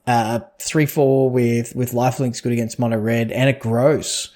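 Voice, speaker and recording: A man's voice: mid-range voice, steady tone, moderate pace, a little mellow. A man co-hosting a casual podcast about a trading card game, talking in loose, rambling sentences full of fillers and restarts. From Australia or New Zealand. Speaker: podcast co-host.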